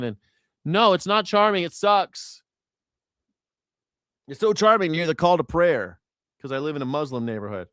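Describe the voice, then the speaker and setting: A man hosting a live news reaction show, ranting in a loud, profane way and mimicking bells and shouting. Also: on the high side, expressive, moderate pace, long pauses, clear, resonant tone, no room sound, clean studio sound.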